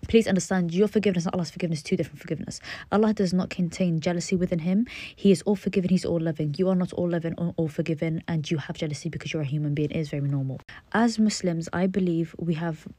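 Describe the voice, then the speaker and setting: A woman with a low, breathy, mellow voice talks to her phone late at night, earnest and rambling, slipping in and out of a whisper. The sound is close and dry. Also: fast talker, no room sound. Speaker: social media creator. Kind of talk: late-night talk to camera.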